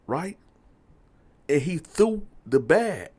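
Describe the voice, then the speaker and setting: A man spinning a casual storytime tale, his pitch swinging up and down as he gets worked up. He talks straight to his listeners and keeps the story rolling with fillers. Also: takes it slowly, breathy edge. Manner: animated, talks straight to the audience, lots of fillers. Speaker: storyteller host.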